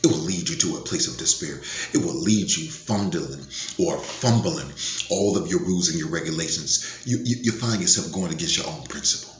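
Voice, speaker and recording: A man's voice: low voice, fairly quick. A man delivering a motivational monologue with a preacher's rhythm, calling out to his listeners. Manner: preacher-like call and response cadence. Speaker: motivational speaker. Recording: echoey room with faint noise.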